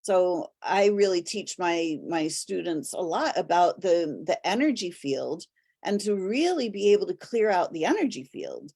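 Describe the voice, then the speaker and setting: A woman talking casually and earnestly, telling stories in a steady way. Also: on the low side, a little slow, slightly rough. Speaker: host. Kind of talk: casual conversation.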